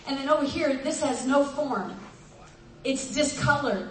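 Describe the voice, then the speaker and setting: A woman's voice: sits high, a little slow, distant mic. A woman pastor preaching a sermon in a folksy, storytelling way, often laughing, with the congregation answering her. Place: church hall. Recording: echoey church hall from afar. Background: congregation responses.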